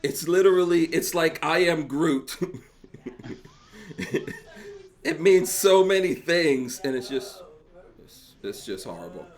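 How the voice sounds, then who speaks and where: A man's voice: a little high, lively intonation, slow, long pauses, a little mellow. A middle-aged man hosting a casual podcast chat, laughing often and mimicking people as he tells stories. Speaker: podcast host.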